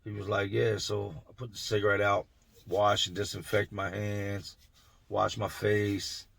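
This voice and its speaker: A man's voice: fairly low pitch, gravelly, fairly bright tone, slightly rough, no echo. A middle-aged man, a former prison tattoo artist, telling a story in a casual, streetwise way and quoting the people in it in his own voice. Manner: streetwise, conversational, quotes others in his own voice.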